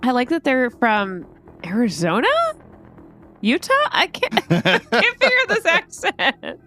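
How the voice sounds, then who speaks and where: A woman's voice: high-pitched, huge pitch swings, unhurried, pushed and bright, soft background music. A woman playing in a tabletop game, chatting casually and teasing the game master with questions. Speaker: player.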